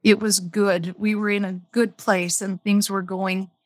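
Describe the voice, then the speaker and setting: A woman's voice: mid-range voice, level tone, a little slow, no echo, studio quality. A woman guest on a podcast, candidly telling her own story in plain words and repeating phrases for emphasis. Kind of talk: personal storytelling interview.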